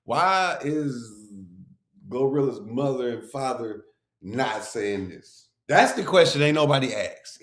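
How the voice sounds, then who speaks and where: A man hosting a reaction video, ranting animatedly and profanely with frequent laughs. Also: mid-range voice. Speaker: host reacting to a clip. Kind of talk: casual reaction commentary.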